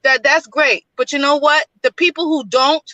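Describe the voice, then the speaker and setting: A woman's voice: high-pitched, fairly even intonation, moderate pace, sharp tone, dry recording, poor audio. A woman from the Bronx, calling in from her car as a guest in a casual live-stream chat, talking bluntly and often repeating herself. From New York, Bronx. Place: in a car, driving.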